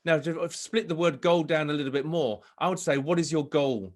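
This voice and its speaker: A man from Britain giving a live motivational talk over a video call, telling his story with animated delivery. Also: on the high side, brisk. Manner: animated storytelling, acts out crowd shouts. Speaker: motivational speaker.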